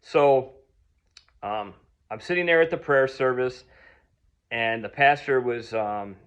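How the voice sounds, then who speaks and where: A man's voice: mid-range voice, slow, fairly bright tone, smooth, muffled recording. A man from telling a personal story in a casual, rambling way, full of ums and restarts. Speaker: vlogger.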